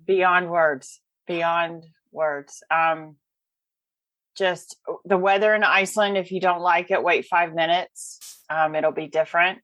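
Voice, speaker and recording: A chatty woman with a Southern US accent, her voice sitting on the low side. She talks casually, full of ums and ready laughter, recorded close and dry. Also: fairly even intonation, a little slow, fairly bright tone, no echo. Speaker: recovery podcast participant. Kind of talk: casual chat.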